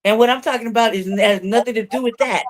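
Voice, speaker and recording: A woman's voice: fairly high pitch, fairly even intonation, fast talker, dry recording. Profane, laughing woman co-host. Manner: profane storyteller, laughs often. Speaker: co-host of a news talk show. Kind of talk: casual chat. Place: her own room.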